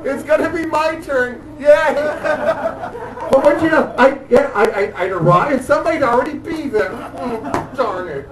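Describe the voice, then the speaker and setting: A man doing dark stand-up comedy on a club stage, halting and hesitant, full of fillers and restarts, chuckling at his own jokes. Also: extremely high pitch. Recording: echoey room, distant mic, audience noise.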